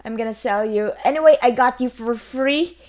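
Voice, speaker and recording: A woman's voice: a little high, normal speed, darkish tone. A woman casually commenting on her own gameplay, chatting to herself and her viewers as she plays. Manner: chatty, talks to herself and viewers while playing. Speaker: gaming channel host. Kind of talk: casual let's-play commentary. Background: faint game music.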